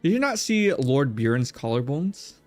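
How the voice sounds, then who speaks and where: A man's voice: medium pitch, very animated, normal speed, no room sound, faint music behind, lightly acted. Sardonic young villainess from a game, guy just reading her lines, dry close sound. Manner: plainly read game dialogue.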